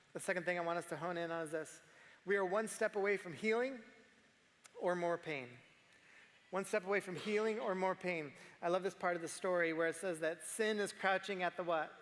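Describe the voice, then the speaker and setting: A man preaching a sermon in a conversational way, sometimes dropping to a hushed voice to make a point. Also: sits high, big-room sound. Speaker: pastor.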